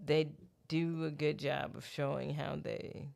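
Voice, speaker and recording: Brief: co-host, smooth clear voice, chatty and joking. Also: mid-range voice, little pitch movement, darkish tone. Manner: chatty, quick to agree and joke. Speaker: podcast co-host. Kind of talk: casual chat.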